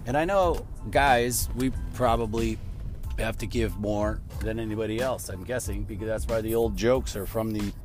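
A man's voice: on the low side, moderate pace. Middle-aged man, casual car podcast, rambling, easy laughs, faint music behind. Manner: rambling, conversational, laughs easily. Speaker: podcast host. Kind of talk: casual chat while driving to work.

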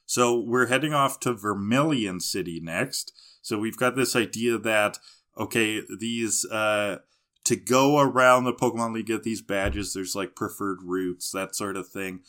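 A man's voice: fairly low pitch, measured pace, fairly bright tone. A man co-hosting a casual podcast, recapping cartoon episodes, laughing often and mimicking characters in mocking voices. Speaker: podcast co-host.

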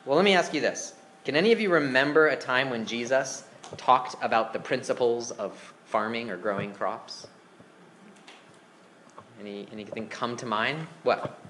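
A man's voice: mid-range voice, normal speed, a bit bright, slight background noise. A man preaching a sermon as pastor, conversational and asking the congregation questions. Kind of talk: interactive sermon. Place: church.

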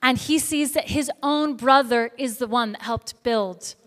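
Higher-voiced woman preaching in an echoey hall. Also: a little slow. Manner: animated storytelling, acting out quoted voices. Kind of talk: sermon.

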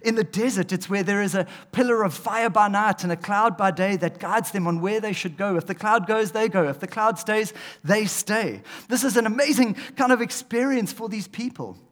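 A man preaching a sermon, animated, swinging between loud emphasis and hushed asides. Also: high voice, normal speed. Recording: long hall reverb.

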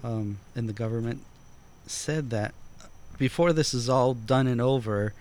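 A man's voice: mid-range voice, unhurried, a little mellow. A man hosting a casual chat, explaining at length with hesitant restarts.

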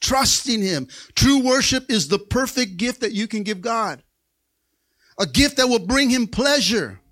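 A man preaching a Pentecostal sermon in a church. He calls for amens and rises to excited shouts. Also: very high-pitched, a little slow. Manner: call-and-response preaching, asks for amens. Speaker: pastor. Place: church sanctuary.

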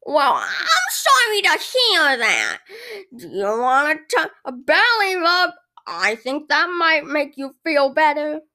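A man voicing an overly cheerful male fast-food worker, gushing in a high, slow sing-song. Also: sing-song, pushed and bright, heavily acted.

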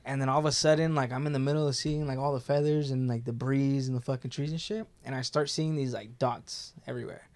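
A man's voice: medium pitch, fairly even intonation, quick pace, few pauses, a little mellow. A young man telling a story in casual talk, laid-back and profane, with lots of filler words.

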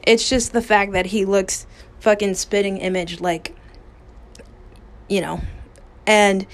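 A woman's voice: mid-range voice, a little hiss or hum. A woman hosting a podcast, telling a personal story in a candid, raw way with casual swearing and many fillers, recorded on a phone in a small booth. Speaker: podcast host.

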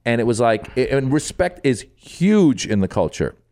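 A man on a podcast as a guest, chatting casually and telling animated stories with lots of restarts. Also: medium pitch, normal speed. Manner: animated storyteller, acts out quoted voices; restless restarts mid-sentence. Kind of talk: casual chat.

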